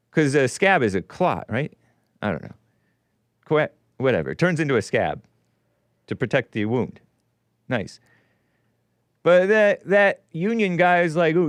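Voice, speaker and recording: A man in his forties hosting a call-in show, giving rambling, sarcastic, animated political commentary. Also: fairly high pitch, no echo, clean studio sound. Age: 40s.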